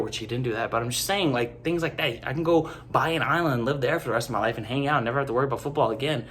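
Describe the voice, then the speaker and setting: A young man hosts a casual sports opinion segment, rambling and animated, with "like" in almost every sentence. His voice sits at an ordinary middle pitch. A faint hiss of noise runs under the recording. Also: very fast, hardly any pauses. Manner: rambling, animated, heavy use of "like". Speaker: sports commentary host.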